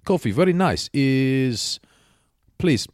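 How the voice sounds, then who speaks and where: A man voicing a cheeky, deadpan male builder with a Romanian accent and broken English. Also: slow, no room sound, clean studio sound. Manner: broken English, high and bright.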